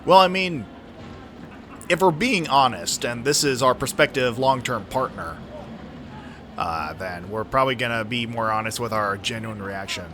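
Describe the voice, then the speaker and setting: A man's voice: mid-range voice, normal speed, sharp tone, slight background noise. A man streaming a point-and-click game, joking wryly and swearing freely. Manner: wry, profane, laughs often. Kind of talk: casual gaming commentary.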